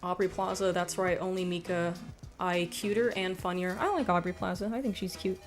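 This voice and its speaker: A young American woman livestreaming in a casual chat, rambling and animated, swearing often and reading out viewer comments. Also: fairly low pitch, a little fast, faint music behind. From United States.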